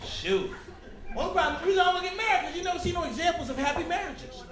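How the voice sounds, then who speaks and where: High, lively stand-up comedian man. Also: fast talker, roomy sound. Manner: animated, slips into loud character voices; talks directly to the crowd. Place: comedy club stage.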